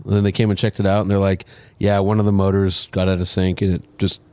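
A man co-hosting a casual talk show, chatting in a relaxed, wry way. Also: low voice, fast, clean tone, no room sound. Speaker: podcast co-host. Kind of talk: casual chat.

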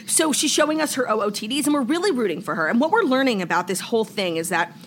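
A woman's voice: fairly high pitch, fast. Young female podcast co-host, casual storyteller, filler-heavy, faint hiss. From New York. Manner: chatty, heavy "like" filler, animated retelling.

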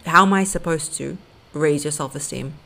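A woman's voice: deep voice, normal speed, creaky, bright, forceful tone. A woman hosting a podcast, giving blunt, emphatic relationship advice straight to her listeners. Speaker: podcast host and dating coach.

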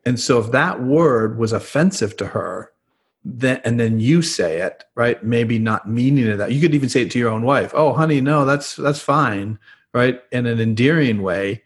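Speaking at normal speed with a medium-pitched voice, a man guests on a podcast as a trauma expert. He explains earnestly and performs the lines he quotes.

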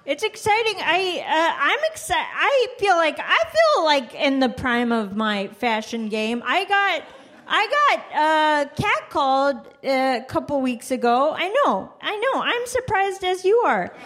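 A woman doing a stand-up set, hesitant and self-deprecating with deadpan jokes. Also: sits high, unhurried. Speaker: stand-up comedian.

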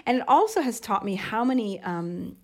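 An American woman in her thirties, a podcast co-host and mother, chatting casually and explaining with lively examples. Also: on the high side, normal speed. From United States. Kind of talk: casual chat.

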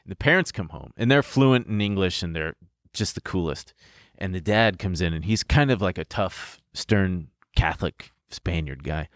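A young man casually telling a story in an animated way, laughing and swearing as he goes. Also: low voice, normal speed, dry recording, clean studio sound.

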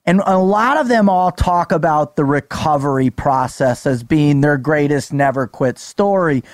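A man hosts a podcast and steers his guest with measured, leading questions. His voice sits a little higher than most men's. The sound is dry and close. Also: no echo. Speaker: podcast host. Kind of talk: interview questions.

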